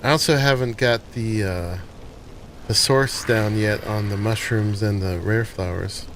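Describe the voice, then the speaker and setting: Relaxed man chatting over gameplay. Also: on the low side, unhurried, a little hiss or hum. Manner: relaxed, thinking aloud while playing. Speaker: gaming channel host. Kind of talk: casual gameplay commentary.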